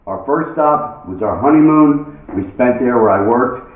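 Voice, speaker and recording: A man's voice: mid-range voice, expressive, measured pace. A man doing live stand-up, telling stories in a chatty, punchy way and acting out the scenes. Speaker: stand-up comedian. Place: live venue with an audience. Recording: echoey venue, distant phone-like mic.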